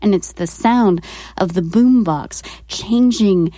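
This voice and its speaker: Wry, unhurried woman telling a story. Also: medium pitch, no echo. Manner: wry, deadpan humor with dramatic pauses. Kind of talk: spoken personal storytelling.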